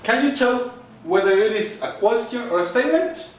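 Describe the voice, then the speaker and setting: A man's voice: extremely high pitch, lively intonation, normal speed, background noise. A man teaching a lesson, coaxing his students with questions and checking that they follow. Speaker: Spanish teacher. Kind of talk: recorded online lesson. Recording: very echoey room, mic at a distance.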